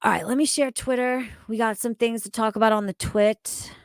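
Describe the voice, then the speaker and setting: A woman's voice: a little high, fairly even intonation, normal speed, clear, resonant tone, no echo. A woman streaming casually, talking to her chat, swearing freely and laughing often. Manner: loud, profane, laughing often.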